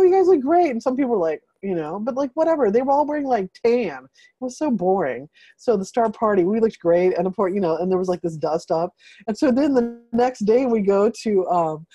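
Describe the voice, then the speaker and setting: Woman, rambling casual storyteller, mellow dark tone, dry close sound, video call. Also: medium pitch, husky, dry recording, dull audio. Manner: rambling, filler-heavy, animated retelling. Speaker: host of a group video call.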